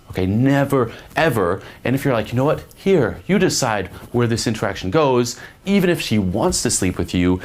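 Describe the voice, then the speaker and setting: A man giving blunt, profane dating advice to camera, full of fillers and acted-out example lines. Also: on the low side. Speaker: dating coach. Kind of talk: instructional talk to camera.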